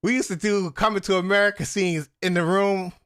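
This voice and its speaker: Male host, high and bright, loud, laughs a lot, casual live show. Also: a little fast. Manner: excitable, loud, laughs often.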